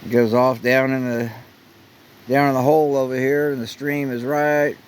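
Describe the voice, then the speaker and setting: A man filming a relaxed, rambling camping vlog at an outdoor campsite on a handheld camera. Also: medium pitch, moderate pace, rough recording. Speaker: vlogger. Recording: faint outdoor noise.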